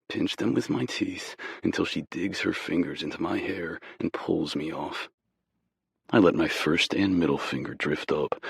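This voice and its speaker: A man with an extremely deep, gravelly voice narrates a romance audiobook in the first person. His tone is husky and slow, with an intimate, low-key delivery. The recording is dry and close to the mic. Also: no echo.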